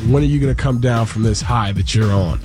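A man's voice: medium pitch, music in the background. A man co-hosting a sports radio show, chatting casually with jokes and rambling asides. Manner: joking, rambling, quick asides. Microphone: studio microphone.

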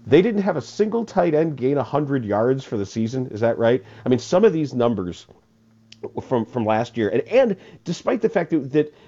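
A man's voice: mid-range voice, sing-song, moderate pace, dark tone, dull audio. A man hosting a casual sports talk radio show, rambling and repeating words as he laughs his way through listener texts.

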